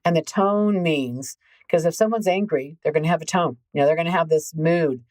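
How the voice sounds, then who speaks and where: Animated woman coach, low voice. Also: fairly quick, dry recording, poor audio. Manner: animated, emphatic, speaks directly to listeners. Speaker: podcast host and coach. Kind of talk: conversational podcast monologue.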